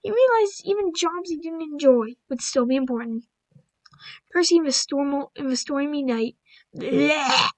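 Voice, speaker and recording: High-voiced woman reading stories, stumbling. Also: animated, unhurried, poor audio. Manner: stumbles over words, breaks off for blunt asides. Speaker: video creator. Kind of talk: reading stories aloud with casual commentary.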